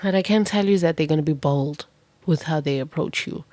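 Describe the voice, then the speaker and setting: A woman's voice: sits low, brisk, warm tone, no room sound. A woman doing a pick-a-card tarot reading, telling it as a vivid, dramatic story with casual swearing.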